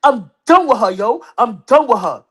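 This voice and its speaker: Woman doing a gruff Brooklyn tough guy. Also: on the high side, expressive, moderate pace. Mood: fed up. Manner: gruff street slang, heated, repeats himself. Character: brash adult man, Brooklyn tough talker.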